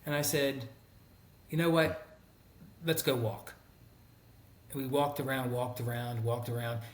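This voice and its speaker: A man's voice: medium pitch, unhurried, roomy sound. A middle-aged man and former teacher, telling stories in a casual conversation and acting out the people he quotes. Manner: animated storyteller who acts out quoted people. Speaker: guest, former teacher and school counselor.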